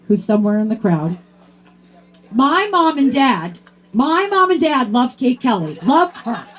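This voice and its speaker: A woman's voice: high-pitched, slightly rough, low-quality recording. Emotional woman giving a tribute speech. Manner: emotional, fighting back tears; grows loud and excited toward the end. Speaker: presenter of a hall of fame award.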